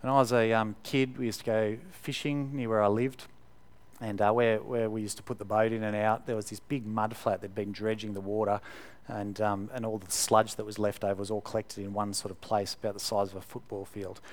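A man giving a sermon in a relaxed, conversational way, with fillers, repeated words and emphatic stresses. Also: on the low side, fairly quick. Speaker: preacher.

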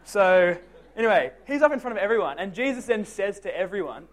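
A man's voice: high-pitched, very animated, a little fast. A young man giving a casual youth group talk, joking and self-deprecating, asking the teens direct questions. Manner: talks straight to the teens with questions.

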